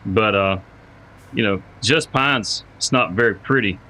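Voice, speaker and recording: Bright-voiced man chatting on a game stream. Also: lowish voice, a little slow, rough recording. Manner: rambling, repeats words while thinking aloud; friendly, greets chat viewers by name. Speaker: livestreamer playing a farming game. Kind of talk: casual live-stream chat.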